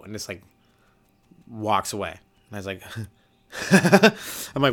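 A young Canadian man riffs through a solo comedy podcast at a middle pitch. He talks in loose, rambling stretches, drops swear words freely and slips into little voices for the people in his stories. His pace and tone stay plain and unpolished. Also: lively intonation, a little fast, fairly bright tone. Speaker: podcast host, stand-up comedian.

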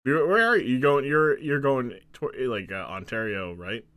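A man hosts a relaxed podcast chat and keeps cracking jokes. His voice is bright and forward, recorded dry and close. He laughs often and slips into goofy voices for his bits. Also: medium pitch, normal speed, no room sound. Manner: jokey, laughs often, acts out silly voices. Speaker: podcast host. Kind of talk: casual chat.

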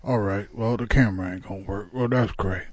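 A man's voice: fairly low pitch, steady tone, a little fast, slightly rough, dry recording. A man in his fifties hosting a casual radio show from a studio, talking in a laid-back, drawling way with lots of fillers. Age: 50s.

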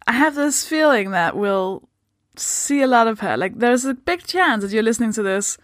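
A woman from Denmark with a Danish accent, hosting a podcast in a casual unscripted intro, tired and halting, stopping mid-sentence. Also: a little high, expressive, no room sound, studio quality. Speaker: podcast host.

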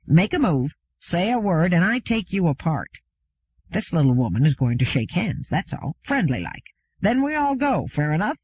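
A man's voice: sits high, very animated, moderate pace, breathy edge, dry recording, heavily acted. A man voicing a brutish, menacing spaceship crewman who sneers and threatens. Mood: threatening. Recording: phone-like narrow sound.

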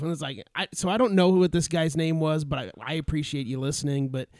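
A man's voice: a little high, fast talker, a little mellow, dry recording, studio quality. A man co-hosting a sports podcast who tells a story in a rambling way, with lots of fillers, restarts and laughter. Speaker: podcast co-host. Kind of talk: casual sports banter, storytelling.

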